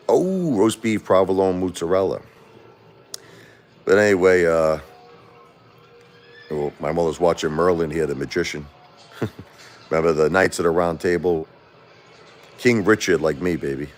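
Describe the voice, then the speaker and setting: A man's voice: low voice, a little slow, long pauses. A man, chatting casually and rambling on a livestream, laughing often. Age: 40s. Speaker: livestream host.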